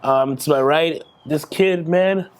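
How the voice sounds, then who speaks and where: A man's voice: fairly high pitch, slow. A man in his thirties giving a candid, emotional interview as a bodybuilding champion. He swears freely and often restarts his sentences. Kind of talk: candid post-victory interview.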